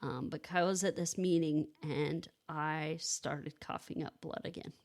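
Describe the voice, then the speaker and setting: A woman in her thirties with a somewhat low speaking voice tells a personal story in a casual podcast chat. She talks in halting bursts, restarting sentences and filling gaps with "like" and "you know.". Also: steady tone, a little mellow. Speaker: podcast co-host telling her own story.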